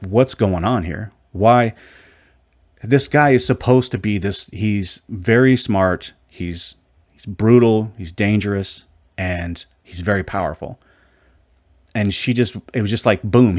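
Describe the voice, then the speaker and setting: Man, low voice, dry close sound, rambling casual review, lots of restarts. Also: darkish tone, no room sound. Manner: rambling, frequent restarts and filler; frank, mildly exasperated. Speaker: show reviewer.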